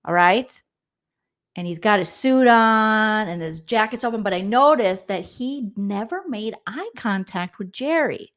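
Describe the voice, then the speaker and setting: A woman's voice: mid-range voice, animated, measured pace, a bit bright. A young adult woman comedian recapping a reality show in a sarcastic, gossipy roast, talking straight to her viewers and mimicking the people she mocks. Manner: sarcastic, gossipy, mock-quotes people in put-on voices; chatty, addresses viewers directly.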